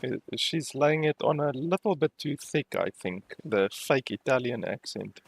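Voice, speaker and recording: A man's voice: mid-range voice, expressive, unhurried, creaky, dry recording. A man giving casual, wry commentary while streaming a game, swearing now and then. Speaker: gamer streaming a playthrough. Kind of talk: casual let's play commentary.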